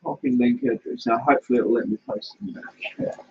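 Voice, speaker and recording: Fast and gravelly with a breathy edge, this man's mid-range voice swings hugely in pitch. He runs a casual live stream from his home fish room, reading comments and thinking aloud over dull lo-fi audio.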